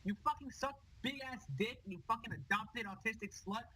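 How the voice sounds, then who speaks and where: A man voicing a toxic young male ninja hero player in a comedy sketch, shouting crude abuse and then backing down. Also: very high voice, normal speed, pitched above the performer's own voice, full character voice, poor audio. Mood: raging. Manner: screaming profane abuse, then mock contrition.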